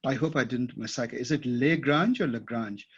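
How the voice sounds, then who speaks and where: A man's voice: mid-range voice, fast, vocal fry, darkish tone, breathy edge. A man teaching a class at a whiteboard, thinking aloud and often checking that his students follow. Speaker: instructor. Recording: dull lo-fi classroom recording.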